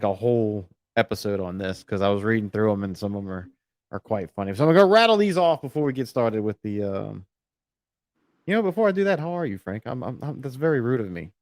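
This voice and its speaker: A man's voice: on the low side, darkish tone, dry recording, clean studio sound. A man hosting an outdoors podcast in a rambling, jokey way. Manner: rambling, jokey, self-interrupting. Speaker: podcast host. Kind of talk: casual podcast chat.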